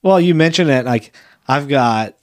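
A man's voice: medium pitch, expressive, measured pace. A man hosting a podcast who talks in a chatty, rambling way, restarting his sentences often. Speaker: podcast host. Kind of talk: casual interview conversation.

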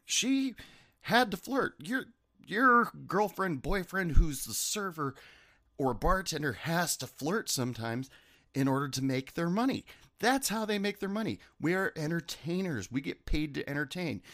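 A man's voice: on the high side, lively intonation, normal speed, fairly bright tone, dry recording, clean studio sound. A man who has worked as a bartender, talking in a rambling, chatty way and correcting himself as he goes. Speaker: former bartender telling stories. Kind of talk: casual monologue.

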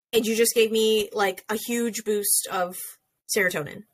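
A woman co-hosting a podcast, chatting in a bubbly, excitable way. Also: mid-range voice, slow pace. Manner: bubbly, exclaims and restarts often. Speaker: podcast co-host. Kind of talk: casual podcast chat.

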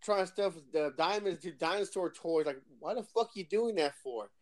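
High-voiced man teasing with questions. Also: expressive, normal speed. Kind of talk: casual chat.

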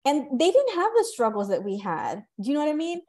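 Podcast host, woman in her thirties, slightly high voice, animated storyteller who acts out quotes. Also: brisk. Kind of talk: casual conversation.

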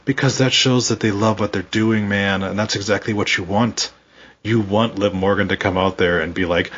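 A man with a fairly low voice co-hosts a casual wrestling podcast at a moderate pace, on lo-fi audio with slight hiss or hum. He rants animatedly and swears a lot.

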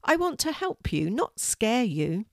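An older woman voicing a polite, gentle, regal pampered female house cat in a storybook reading. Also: a little high, very animated, measured pace, gravelly, no room sound, clean studio sound, pitched above the performer's own voice, exaggerated voice. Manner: polite, gentle, well-spoken.

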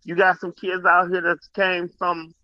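A man's voice: high voice, monotone, measured pace, dry recording. A man talking emphatically in a casual group discussion, repeating words and swearing casually. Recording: muffled lo-fi sound.

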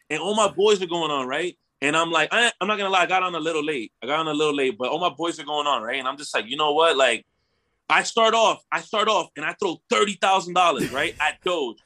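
A young man telling a story in casual chat, animated and slangy, swearing and tagging lines with "bro" and "right?". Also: a little high, fast.

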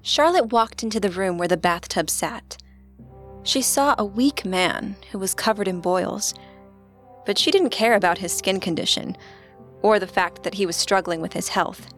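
A woman narrating a scripted true-crime story as podcast co-host, in a steady storytelling delivery. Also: mid-range voice, normal speed, soft background music.

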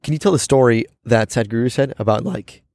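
A man's voice: mid-range voice, expressive, fairly quick, a little mellow, dry recording. Man, podcast host, reflective casual talk, checks in often, dry close recording. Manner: thoughtful, keeps checking in with "right?". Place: outdoors on campus steps.

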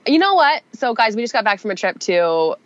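A woman's voice: fairly high pitch, very animated, a little fast, slight background noise. A woman co-hosting a podcast, chatting casually and upbeat with many fillers, her voice nasal from a cold. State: nasal, getting over a cold. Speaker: podcast co-host. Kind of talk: casual chat. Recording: dull, dry sound.

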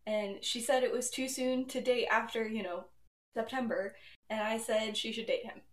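A woman voicing a calm, offhand teenage schoolboy in a casual storytelling retelling, with a roomy echo. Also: on the high side, moderate pace, lightly acted. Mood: calm, deflecting. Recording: roomy echo, home mic.

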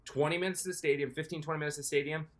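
A young man casually telling a long, animated story as a podcast co-host, often slipping into excited quoted self-talk. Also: fairly high pitch, very fast.

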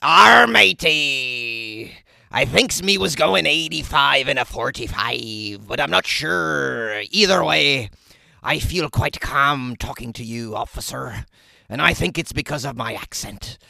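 Swaggering pirate man, put on by a comedian, growling drawl, loud, dry sound. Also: medium pitch, animated, slow pace, creaky, no room sound, full character voice. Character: swaggering male pirate speeding driver.

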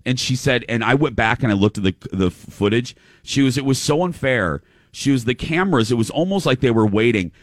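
A man hosting a show in casual chat, telling a story with quick restarts and quoting what others said. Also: medium pitch, expressive, no echo, studio quality. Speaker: show host.

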